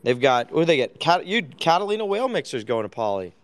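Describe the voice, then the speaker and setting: Male host with a smooth, clear voice, blunt and offhand in casual talk. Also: fairly high pitch, sing-song, fast talker. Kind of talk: casual crypto chat.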